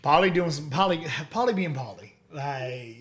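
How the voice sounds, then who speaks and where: Young male co-host, high-pitched, animated, recaps shows by acting out the scenes. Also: moderate pace. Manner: animated, acts out quoted lines. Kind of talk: casual chat.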